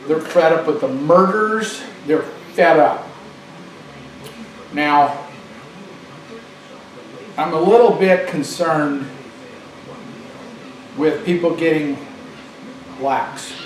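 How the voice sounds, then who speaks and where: A man's voice: a little high, extremely slow, pauses often. A man delivering an emphatic political monologue, repeating phrases for stress, recorded far off in an echoey room with faint noise.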